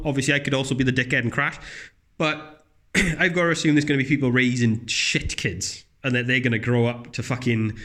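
Ranting in a casual comedy chat, this man comes across as blunt, animated and profane. He mocks others by jumping his voice up high.

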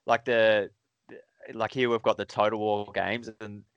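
Male host, easygoing casual chat, lowish smooth voice, dry close sound, lots of "like". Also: level tone, measured pace, dry recording, lo-fi sound.

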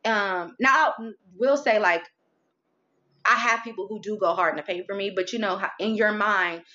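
A woman talking candidly about faith and frustration, animated and expressive, acting out her inner dialogue. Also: medium pitch, moderate pace, dull audio. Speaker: guest, merch business owner.

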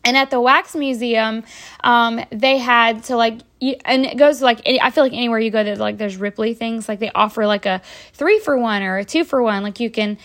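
A woman podcast host tells stories in a chatty, rambling way, full of fillers and restarts. Her voice is on the high side, fairly quick, and a bit bright.

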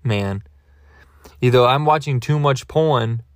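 A man's voice: mid-range voice, takes it slowly, no echo, studio quality. A man hosting a podcast, telling a comic story in a rambling, digressive, self-mocking way. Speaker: podcast host. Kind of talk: comedic storytelling monologue.

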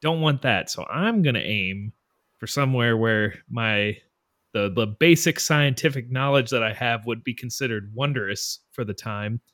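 A man's voice: medium pitch, normal speed, fairly bright tone. A man on a casual podcast, rambling through a thoughtful answer with jokes. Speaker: podcast co-host.

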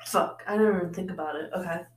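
A woman's voice: fairly low pitch, fast talker. A young woman co-hosting a podcast, chiming in with short, blunt reactions and casual swearing. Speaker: podcast co-host listening to the case. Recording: echoey room.

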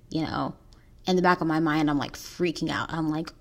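A young woman hosting a podcast, telling a painful personal story in an earnest, halting way with restarts. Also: low-pitched, fairly even intonation. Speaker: podcast host.

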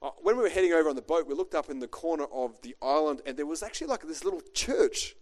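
Fast-talking pastor, joking storyteller. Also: male voice, a little high. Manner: chatty, joking, animated. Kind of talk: storytelling sermon.

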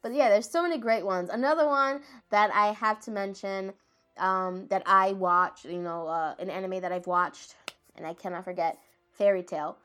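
An anime commentator chats loosely about anime moments, her talk full of fillers and jokes at her own expense. Her medium-pitched voice is smooth and a bit bright, moving at a normal speed.

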